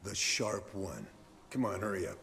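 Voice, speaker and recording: A man's voice: low-pitched, lively intonation, moderate pace, vocal fry, fairly bright tone, full character voice. An actor playing a good-humored, middle-aged male monster hunter who ribs his friend with playful banter in game dialogue. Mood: brisk.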